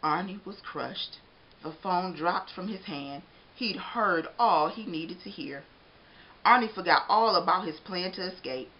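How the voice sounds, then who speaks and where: A woman reading a picture book aloud in an expressive, animated way. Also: lowish voice, measured pace. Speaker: storybook reader. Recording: dull lo-fi recording.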